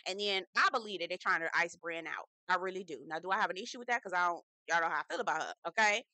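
A woman's voice: lowish voice, fast talker, sharp tone, dry recording. A woman hosting her own casual TV review vlog, chatty and slangy, with emphatic asides to her viewers. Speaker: host.

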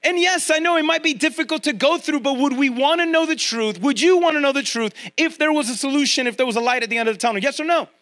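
A man's voice: extremely high pitch, quick pace, hardly any pauses. A middle-aged man preaching a sermon as pastor, talking straight to his congregation and acting out voices as he goes. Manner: conversational preaching, addresses congregation directly; animated, acts out quoted voices.

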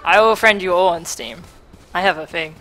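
A young woman, chatting casually on a live stream while gaming. She is excitable, laughs a lot and swears freely. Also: on the low side, normal speed. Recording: game music playing loudly behind. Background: game music.

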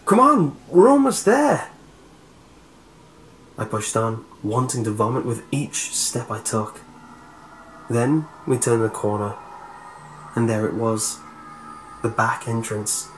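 Brief: male horror story narrator, deep voice, very slow and deliberate, echoey room. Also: level tone. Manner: slow, low and measured. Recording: roomy echo, faint hiss.

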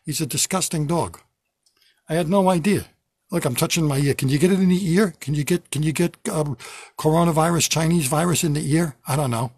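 A man's voice: fairly high pitch, a little fast, a little mellow, husky, dry recording. An older man, a comedian, delivering a kvetching, self-mocking comedy rant from his basement at home. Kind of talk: stand-up comedy monologue.

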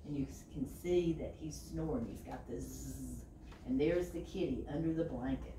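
A woman librarian reading a picture book aloud to children, animated and asking them questions. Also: extremely low pitch, normal speed, noisy background. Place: library room. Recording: roomy and distant from the mic.

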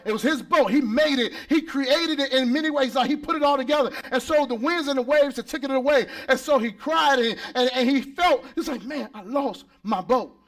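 Preaching a lively sermon at a church service, a pastor with an extremely high-pitched voice speaks briskly with few pauses, rising to shouts and calling for responses from the congregation.

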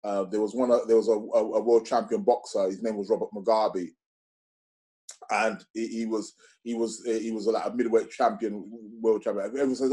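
A man's voice: on the low side, fairly even intonation, fairly quick, mellow. Rambling man telling stories. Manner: rambling, many fillers and restarts. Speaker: guest. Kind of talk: casual storytelling.

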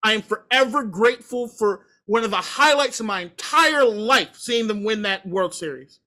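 A man's voice: high voice, animated, normal speed, sharp tone. A man co-hosting a casual sports podcast, ranting heatedly and swearing often. He grew up in the Washington, D.C. area. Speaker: podcast co-host.

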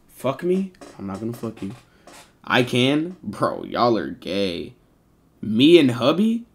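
Joking streamer man, mid-pitched voice. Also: takes it slowly, husky. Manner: animated, joking, heavy slang and swearing. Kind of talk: casual live-stream chat with viewers.

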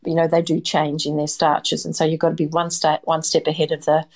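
A woman's voice: deep voice, completely flat delivery, fairly quick. A middle-aged Australian woman, a potato farmer, chatting enthusiastically and rambling through anecdotes in an interview. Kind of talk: casual chat.

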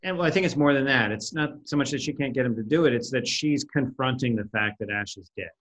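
A man's voice: mid-range voice, fast talker, fairly bright tone, muffled recording. A man speaking as a guest on a podcast, explaining his ideas in an articulate, thoughtful way. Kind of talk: casual conversational discussion.

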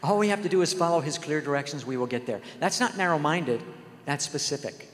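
A guest speaker delivers a sermon in a fairly high, expressive male voice at a slightly quick pace. He tells stories earnestly and acts out the quoted dialogue, with a long hall reverb around him.

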